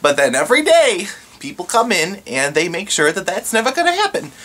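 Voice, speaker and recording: Bright chatty man telling work stories. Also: high-pitched, wildly swooping pitch, fairly quick. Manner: chatty, acts out customers' lines in quotes. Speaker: pizza shop worker. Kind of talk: casual storytelling vlog.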